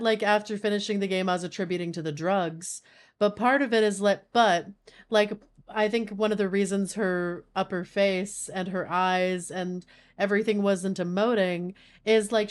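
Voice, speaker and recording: A woman chatting casually as she streams a game, rambling with lots of filler words. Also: fairly low pitch.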